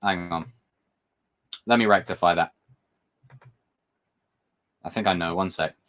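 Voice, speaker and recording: A man's voice: low-pitched, fairly even intonation, a little slow, fairly bright tone. A British man hosting a livestream, chatting casually and rambling between topics as he reads viewer comments. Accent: British English. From Britain. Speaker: livestream host.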